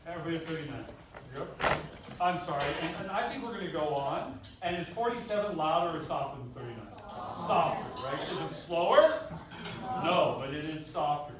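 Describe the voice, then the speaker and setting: A man's voice: on the high side, animated, brisk, crowd noise. A man working as a band clinician, giving rehearsal instructions, counting off and singing rhythms on syllables. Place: large rehearsal room. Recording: echoey rehearsal hall, far mic. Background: band playing.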